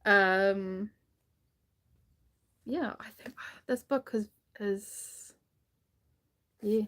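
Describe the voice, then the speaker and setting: A woman's voice: medium pitch, very slow, fairly bright tone. A woman chatting casually on a live book stream, rambling enthusiastically with many restarts and fillers. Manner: gushing enthusiasm about a book.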